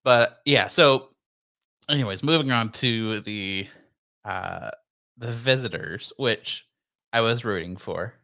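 A man's voice: on the low side, takes it slowly, vocal fry. A young man co-hosting a casual podcast chat, laughing often and acting out quotes. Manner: laughing, animated, acts out quotes. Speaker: podcast co-host.

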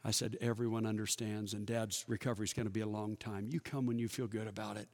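At a church workshop, a man in his fifties shares personal stories in a folksy, conversational manner, acting out the dialogue. His voice is on the low side and darkish, level in tone and fast. A large hall's long reverb surrounds him.

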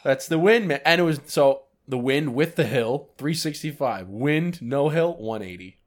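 A man co-hosting a podcast, telling a story in casual chat, animated and swearing often. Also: mid-range voice, moderate pace. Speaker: podcast co-host.

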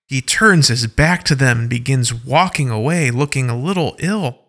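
A man narrating an audio science-fiction story in an even, descriptive way. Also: mid-range voice, normal speed.

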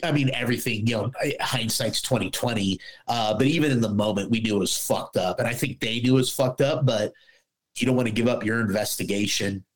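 A man's voice: mid-range voice, fairly quick, rough recording. A middle-aged man talks in a loose, casual podcast chat. He is blunt and swears freely, and he slips into voicing the other people in his stories as he acts out back-and-forth dialogue. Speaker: guest, former police officer.

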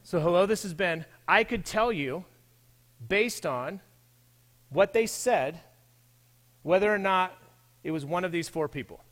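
Conversational preacher man, slightly high voice. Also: lively intonation, slow, long pauses, fairly bright tone. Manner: conversational, addresses the audience directly. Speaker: pastor. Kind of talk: sermon.

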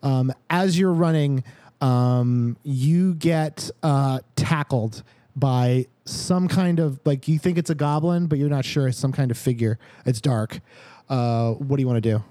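A man's voice: medium pitch, unhurried, dark tone, no room sound. A man narrating a tabletop game as dungeon master, laid-back and casually swearing.

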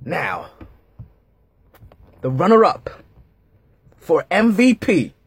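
Speaking extremely slowly, a podcast host with a husky, fairly high voice rambles through a loose sports monologue, his pitch leaping as he repeats himself and slips in jokes. The audio is dry and close, with no room sound.

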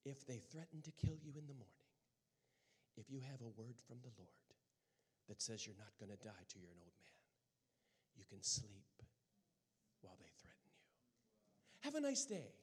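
A man's voice: mid-range voice, sing-song, moderate pace, pauses often, slightly rough. A man voicing a small, elderly British missionary woman who fervently calls her listeners dear brother. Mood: earnest.

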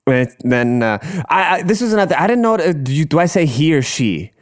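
A man's voice: fairly high pitch, sing-song, fast. A young man casually telling a rambling, profane story, laughing as he goes.

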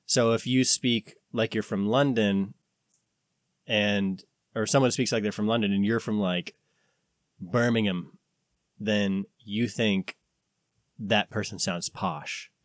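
A man's voice: on the low side, steady tone, takes it slowly, pauses often, no room sound, studio quality. An American man co-hosting a casual podcast chat, rambling and searching for words with lots of fillers. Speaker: podcast co-host.

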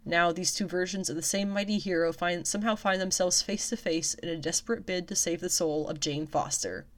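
A woman with a slightly low voice, casually working through a list of upcoming comic releases. She reads in a chatty way and drops wry asides in between. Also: steady tone, fairly quick. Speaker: comics news vlogger. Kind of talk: casual reading of comic listings.

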